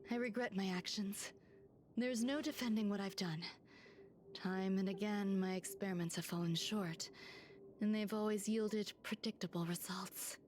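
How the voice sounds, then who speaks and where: A woman reading the lines of a detached female genius scientist from a video game, speaking calmly in a soft half-whisper. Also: mid-range voice, moderate pace, slight background noise, lightly acted.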